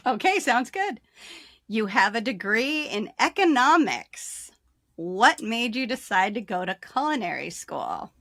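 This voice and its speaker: A woman hosting an interview, upbeat and quick to laugh. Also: on the high side, very animated, fairly bright tone, dry recording. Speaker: host.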